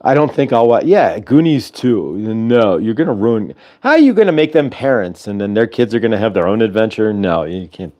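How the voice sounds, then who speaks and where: A man's voice: normal speed, few pauses, lo-fi sound. A man hosting a casual livestream, chatting in a rambling way over a video call. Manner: rambling, chatty, lively pitch swings. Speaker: host.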